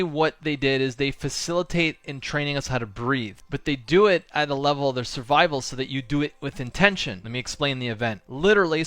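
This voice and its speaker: A man's voice: mid-range voice, dry recording. A man telling a personal story in a casual monologue, acting out the other people's lines and using lots of "like" and "right?". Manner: animated storyteller acting out dialogue; frequent fillers like "like" and "right?". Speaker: spiritual coach and channel host.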